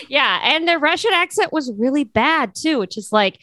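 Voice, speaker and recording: A woman's voice: high-pitched, lively intonation, moderate pace, pushed and bright, dry recording. A woman co-hosting a podcast, chatting casually and joking, with lots of fillers. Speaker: podcast co-host. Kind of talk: casual chat.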